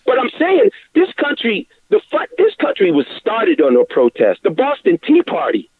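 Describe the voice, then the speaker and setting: Male caller, argumentative, tinny phone line, high and very animated. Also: moderate pace, breathy edge, dry recording. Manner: argumentative, lively, restarts to make his point. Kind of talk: heated sports debate by phone.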